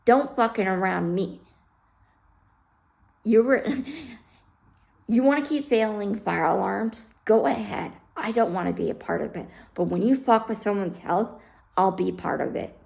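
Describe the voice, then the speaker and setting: Blunt, gravelly-voiced woman telling her story. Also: medium pitch, unhurried, a little mellow, low-quality recording. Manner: blunt, heated, swears freely. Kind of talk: casual personal storytelling.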